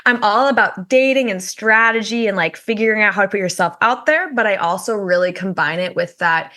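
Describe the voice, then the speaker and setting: A woman's voice: mid-range voice, fairly quick, sharp tone. A young adult woman, a dating coach, talking as a guest in a casual podcast interview, chatty and full of "like" fillers.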